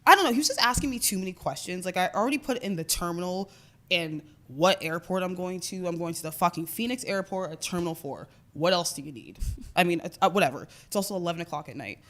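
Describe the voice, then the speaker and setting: A woman's voice: lowish voice, lively intonation, quick pace, a bit bright. Chatty young woman telling a story. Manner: chatty storytelling, swears often, says "like" a lot. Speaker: podcast co-host. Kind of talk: casual chat.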